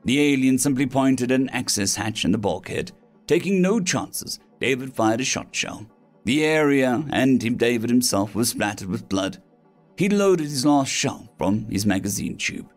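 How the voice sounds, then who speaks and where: A male narrator reads a science-fiction story in a dramatic, expressive way. His mid-range voice rises and falls with animation. Soft music plays quietly under him. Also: mid-range voice, normal speed. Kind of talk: scripted sci-fi story narration. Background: faint background music.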